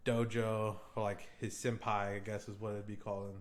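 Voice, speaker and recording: A young man on a podcast, excitedly retelling a favorite film scene with lots of fillers and swearing. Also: on the low side, brisk, a little hiss or hum. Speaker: podcast co-host. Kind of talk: casual podcast chat.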